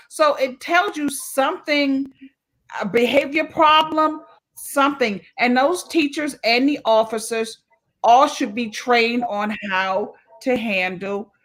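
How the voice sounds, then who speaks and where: A woman's voice: sits high, slow pace, fairly bright tone. A woman co-hosting a casual talk show, speaking emphatically and repeating words for stress. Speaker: co-host. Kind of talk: casual podcast chat.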